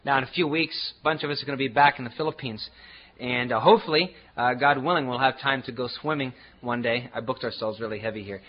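A man preaching a sermon as pastor, emphatic and repetitive, swinging from loud declarations to hushed asides. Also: mid-range voice, quick pace, muffled recording.

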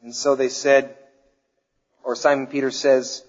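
A man preaching a sermon to his congregation, swinging between loud declarations and hushed, slow questions. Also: medium pitch, little pitch movement, big-room sound, muffled recording. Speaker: pastor.

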